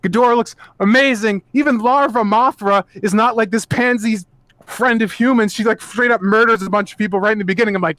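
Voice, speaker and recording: A man with a high voice rants through a casual podcast chat. His talk is animated and full of swearing. The recording is dry and close. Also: a little fast, no echo. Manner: animated profane ranting. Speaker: podcast co-host.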